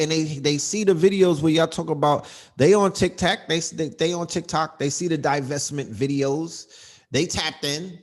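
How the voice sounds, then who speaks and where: A man's voice: fairly high pitch, darkish tone. A man hosting a livestream, ranting in an emphatic, profane, casual way, often asking "you know what I mean.". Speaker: livestream host.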